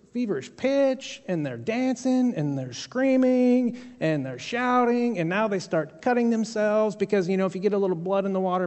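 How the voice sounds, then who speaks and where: Man pastor, chatty joking sermon, higher voice, long hall reverb. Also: darkish tone. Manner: conversational storytelling with humorous asides.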